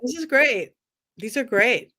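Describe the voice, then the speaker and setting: A woman's voice: on the high side, expressive, a little slow, sharp tone, no room sound. A woman guest on a podcast, speaking casually and enthusiastically, rambling through ideas and plans. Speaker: psychic guest.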